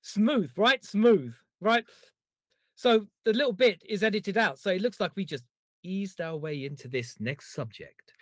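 A man co-hosting a podcast, talking in an animated, self-mocking way with a very swinging, expressive pitch. His voice is bright and forward, recorded dry with no room around it. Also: unhurried, dry recording. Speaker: podcast co-host. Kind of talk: casual podcast chat.

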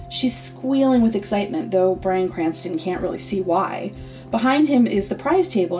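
A woman narrating a comedic story in a deadpan, sardonic way. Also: medium pitch. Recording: distant mic, faint music.

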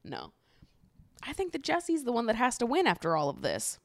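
A woman hosting a casual podcast, recapping a reality show in an animated, exasperated way with frequent swearing. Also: a little high, moderate pace, vocal fry, no echo, studio quality. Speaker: podcast host.

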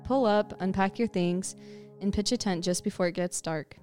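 A woman's voice: mid-range voice, moderate pace, darkish tone, faint music behind. A woman co-hosting a podcast, telling an eerie story in the second person as she sets the scene for the listener. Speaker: podcast co-host. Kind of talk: scripted spooky storytelling.

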